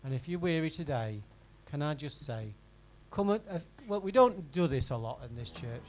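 A man preaching a sermon in a church, in a conversational style that swings from emphatic to quiet and intimate. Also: on the high side, animated, moderate pace, a little hiss or hum, low-quality recording. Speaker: pastor.

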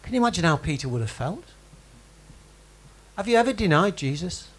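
Guy preaching, high voice that swoops around a lot, chatty, asks ppl in the pews questions. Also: sing-song, fairly quick, breathy edge. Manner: conversational, quizzes congregation by name. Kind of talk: sermon. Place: church hall with congregation.

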